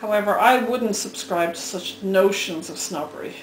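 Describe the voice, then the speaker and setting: Hosting a soap-making video, an Irish woman with a Dublin accent chats casually as she cuts soap, teasing and poking fun at herself. Her mid-range voice moves at a normal speed, recorded in an echoey room with background noise.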